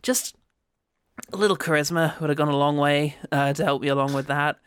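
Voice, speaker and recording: A man's voice: on the high side, a bit bright, clean tone, no echo, studio quality. A man co-hosting a podcast, chatting about a movie in a casual, laughing way. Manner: giggly, quick to jump into mock voices. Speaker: podcast co-host. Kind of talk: casual movie-review chat.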